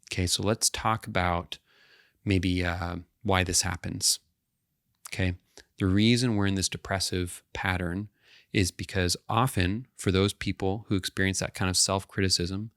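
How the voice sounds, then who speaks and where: Low gravelly male counselor explaining. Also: a bit bright, no room sound, studio quality. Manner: explanatory, often checks in with "right?" and "okay". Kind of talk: educational talk to camera.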